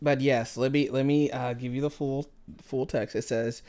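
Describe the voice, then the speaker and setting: A woman's voice: a bass voice, steady tone, moderate pace, mellow. A woman co-hosting a casual podcast, teasing her co-host and laughing often as she talks.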